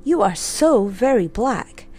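A woman voicing a gentle, wise mother pony in a storybook reading, speaking in a soothing, motherly way. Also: fairly high pitch, lively intonation, slow, soft background music.

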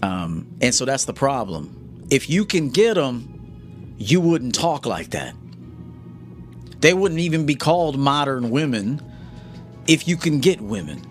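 A man's voice: medium pitch, very animated, a little slow, long pauses, soft background music. A man coaching his audience in a live-stream monologue, blunt and confrontational, often checking "okay?". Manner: blunt, lecturing, confrontational, keeps asking "okay?".

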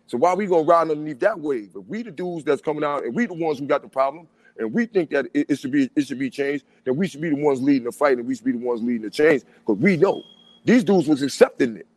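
A man in casual chat, talking in an animated, street-style way and often asking "you know what I'm saying". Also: on the high side, fast, no room sound.

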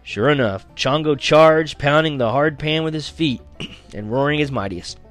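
A man reading a first-person frontier story aloud, lively and dramatic, slowing down at tense moments. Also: a little high, soft background music. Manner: lively, dramatic, slows for action beats. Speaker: audiobook reader.

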